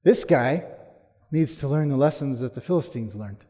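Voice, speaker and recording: A man preaching a sermon as pastor, emphatic, rising to forceful challenges and then dropping low. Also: lively intonation, moderate pace. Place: church sanctuary. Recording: long hall reverb.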